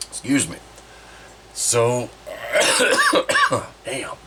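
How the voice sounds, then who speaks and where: A man from Southern Oregon gives a casual vlog update on his own channel, his voice congested and nasal as he recovers from a sinus infection. He's rambling, chatty and candid, with mild swearing. His voice is medium-pitched, with background noise.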